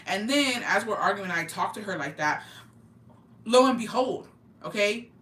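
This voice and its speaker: A young woman from Oaxaca, Mexico, chatting casually and profanely with her live-stream viewers in an animated, slangy way. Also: medium pitch, moderate pace, a little hiss or hum. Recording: roomy, mic at a distance.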